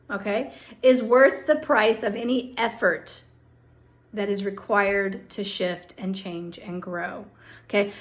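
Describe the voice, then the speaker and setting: Earnest woman giving a psychic energy forecast. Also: fairly high pitch. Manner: earnest, coaxing, repeats "okay?" and speaks straight to the listener. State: hiccups. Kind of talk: direct-to-camera monthly energy forecast.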